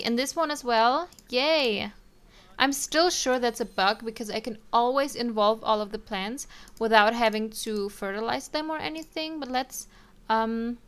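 A woman's voice: on the high side, fairly bright tone, clean tone. A young woman casually commenting on her life-simulation game, chatting to her characters with frequent ums and little laughs. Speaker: let's play streamer.

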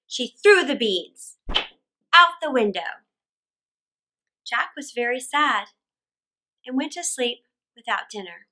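A woman reading a classic fairy tale aloud for children, expressive and animated, with dramatic gasps. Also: sits high, slow, long pauses. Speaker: children's storyteller. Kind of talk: read-aloud storytelling for children.

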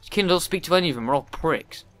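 A man giving profane let's play commentary, often yelling at the game in frustration. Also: on the high side, animated, quick pace, no echo. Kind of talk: gameplay commentary.

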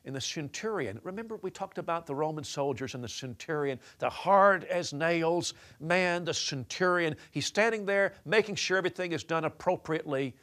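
A man's voice: on the high side, moderate pace, hardly any pauses, sharp tone. A man preaching a sermon as a story, talking with many restarts and changing his voice for quoted lines.

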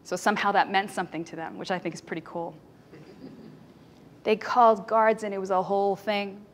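A woman speaking to an audience from a stage, telling stories with strong feeling. Her voice sits at a middle pitch and swings from forceful to nearly whispered. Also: steady tone, brisk, a little hiss or hum. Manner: dramatic, emotional, swings between loud and hushed. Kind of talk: storytelling talk on stage.

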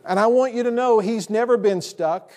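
A pastor preaches to his church in a high-pitched man's voice. He presses his points hard and repeats his key lines for emphasis. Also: normal speed, darkish tone. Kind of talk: sermon. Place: church sanctuary.

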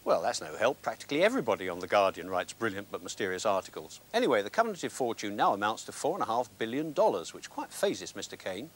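A British man presents scripted film reviews with a dry, sardonic wit. His voice sits low, but his pitch swoops expressively as he lands his jokes. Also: very animated, fast, few pauses.

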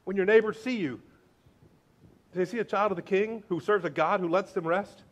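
A male pastor giving a lively, joking sermon, swinging between loud declarations and hushed asides. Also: high-pitched, a little fast. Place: church sanctuary.

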